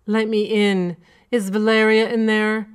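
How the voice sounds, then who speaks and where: A woman voicing a blustering male general who demands loudly and then pleads through tears, in a storybook reading. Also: mid-range voice, level tone, unhurried, smooth, pitched above the performer's own voice, close to an everyday voice. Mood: sobbing. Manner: loud, demanding, then sobbing pleas.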